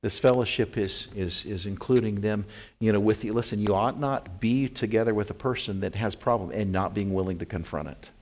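A man's voice: fairly low pitch, fairly quick, a little mellow. A middle-aged man from Wyoming preaching a sermon, earnest, with fillers and emphatic rising peaks. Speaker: pastor.

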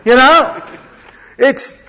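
A man's voice: very high voice, extremely slow, pushed and bright, rough recording. A man, a rabbi, giving a conversational Torah class, mixing Hebrew phrases into his teaching. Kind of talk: lecture-style Torah class.

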